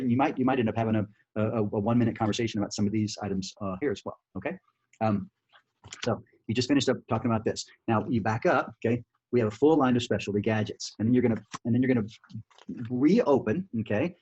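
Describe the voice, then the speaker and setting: A man giving a screen-share sales training, talking quickly and casually, with many restarts and "right?" checks, recorded over a computer mic on a video call. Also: on the low side, a little mellow, husky. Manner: fast, chatty, full of restarts and "right?" checks. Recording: dull lo-fi audio.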